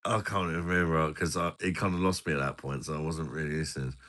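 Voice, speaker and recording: A man's voice: a bass voice, steady tone, fast talker, bright, forceful tone. A man hosting a casual beer-review live stream, bantering and swearing with viewers.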